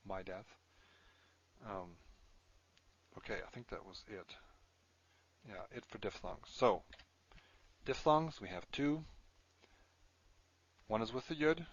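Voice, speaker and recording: Lower-voiced man explaining a language lesson. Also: lo-fi sound. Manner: explanatory, self-correcting, thinking aloud with fillers. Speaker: Hebrew teacher. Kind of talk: recorded screen lesson.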